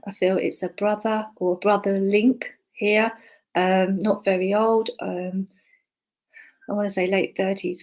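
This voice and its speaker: In a live online clairvoyance demonstration, a woman who works as a spiritualist medium relays messages from spirits. Her medium-pitched speech is halting, full of fillers and restarts, and between messages she murmurs softly to herself. The recording quality is low.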